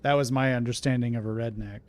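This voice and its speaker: A man's voice: medium pitch, steady tone, quick pace, a little mellow, clear, resonant tone, no echo. Chatty Oklahoma man streaming a game. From Oklahoma, USA. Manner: chatty, laughs often, reacts to live chat. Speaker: gaming streamer. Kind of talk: casual gameplay commentary, reading game text aloud.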